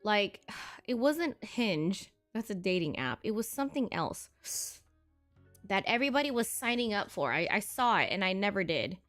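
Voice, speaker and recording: A woman streamer chatting casually to her viewers, excitable and swearing freely. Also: medium pitch, moderate pace, faint music behind. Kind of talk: casual live-stream chat.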